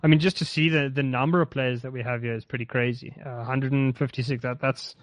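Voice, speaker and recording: A man from South Africa co-hosting a casual esports podcast, talking in halting bursts with teasing asides. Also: mid-range voice, steady tone. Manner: halting, many fillers and restarts, teasing. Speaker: podcast co-host.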